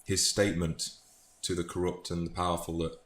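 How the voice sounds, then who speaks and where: A man's voice: low-pitched, level tone, brisk. A British man chatting about favourite book quotes in a thoughtful, casual way, often restarting phrases. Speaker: book vlogger. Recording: echoey room, faint noise.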